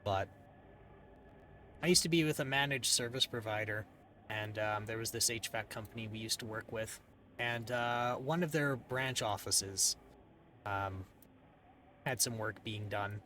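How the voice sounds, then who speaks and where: A man streaming a game and telling a rambling story in a casual, dry, deadpan way. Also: fairly low pitch, unhurried, long pauses, slight background noise. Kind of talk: casual storytelling while gaming.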